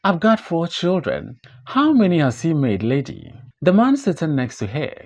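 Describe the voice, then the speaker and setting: A man's voice: wildly swooping pitch, normal speed, a little mellow, exaggerated voice. A man voicing a desperate adult man in an audiobook play reading, pleading and emphatic. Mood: anguished. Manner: pleading, emphatic, swings widely in pitch.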